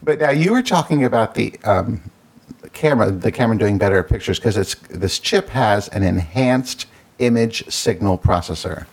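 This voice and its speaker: A man with a lowish voice talks through phone specs in an easygoing chat. He explains things steadily and reads out details as he goes. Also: lively intonation, normal speed. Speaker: podcast co-host. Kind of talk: casual tech chat.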